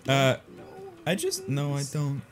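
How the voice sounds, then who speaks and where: A man's voice: mid-range voice, wildly swooping pitch, takes it slowly, a little hiss or hum. A man in his twenties co-hosting a casual let's-play, teasing and blunt with his friend. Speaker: co-host of a gaming channel.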